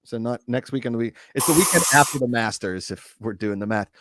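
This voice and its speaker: A man's voice: mid-range voice, brisk, background noise. A man hosting a casual live stream, asking questions and running picks and announcements in an upbeat way. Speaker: stream host.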